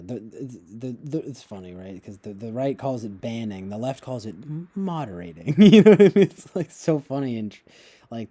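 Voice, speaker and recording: A man hosting a casual livestream, responding to chat in a rambling, halting way with many restarts and occasional chuckles. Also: on the low side, dark tone. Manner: chuckles often while talking. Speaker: livestream host reading chat.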